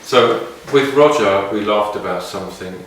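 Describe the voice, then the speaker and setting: Lowish man telling stories in an echoey room. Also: normal speed, a bit bright, slight background noise. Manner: meandering, reflective, with many restarts. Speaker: didgeridoo player sharing stories. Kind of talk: casual anecdotal storytelling. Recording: very echoey room, mic far off.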